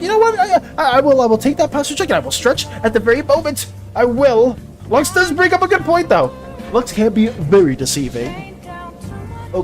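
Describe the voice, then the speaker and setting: Flustered streamer who trips over words; bouncy, animated delivery, faint music bed. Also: medium pitch. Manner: stammering, repeats words, flustered and defensive. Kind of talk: casual live-stream chat while drawing.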